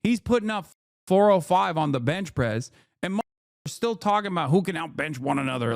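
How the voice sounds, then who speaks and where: A man's voice: fairly high pitch, animated, normal speed, no echo, studio quality. A man streamer reacting to a video clip in heated, profane rants. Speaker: streamer commentator.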